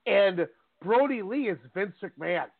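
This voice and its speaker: A man co-hosting a podcast in casual chat, telling stories in an animated way and often laughing. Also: sits high, unhurried, vocal fry, no room sound. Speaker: podcast co-host. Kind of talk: casual chat about wrestling. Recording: tinny phone-like line, dry.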